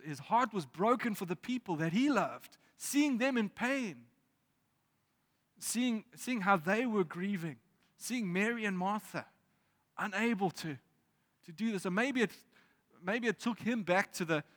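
A man preaching a sermon in a reflective way, reading scripture aloud with pauses. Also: high voice, fairly bright tone. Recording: long reverb of a hall.

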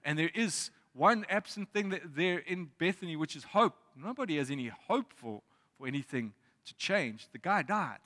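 Guy giving a sermon, kinda high voice, thoughtful and slow with the scripture bits, echoey hall. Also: animated, fairly bright tone. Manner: reflective, reads scripture aloud with pauses. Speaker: preacher. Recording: long reverb of a hall.

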